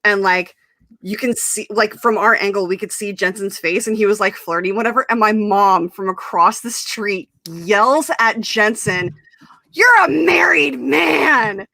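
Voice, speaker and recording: A young woman hosts a live-streamed chat and tells a long story in a bright, crisp voice. Her delivery is animated, full of fillers, and broken up by laughter. The sound is dry and close. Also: mid-range voice, normal speed, dry recording. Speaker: host. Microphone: live stream mic.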